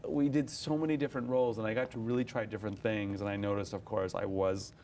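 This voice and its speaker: Young male actor, low voice, animated and laughing, casual interview, light background noise. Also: fast. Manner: animated, laughs often, many restarts.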